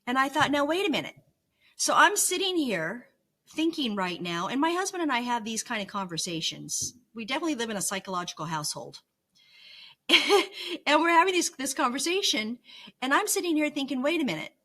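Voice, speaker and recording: A middle-aged woman vlogs from her home bedroom about recovering from illness, earnest and confessional with flashes of self-mocking humor. Her high-pitched voice is brisk, bright and forceful, with big pitch swings.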